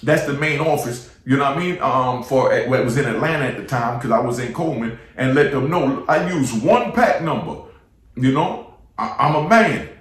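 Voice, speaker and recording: A man's voice: mid-range voice, lively intonation, moderate pace. A middle-aged man with a New York accent tells his story in loose street slang and keeps checking in with the listener. He sits some way back from the mic. The room around him rings with heavy echo. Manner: street slang, repeats "you know what I mean". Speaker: former inmate storyteller. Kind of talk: casual storytelling monologue. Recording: echoey room, mic at a distance.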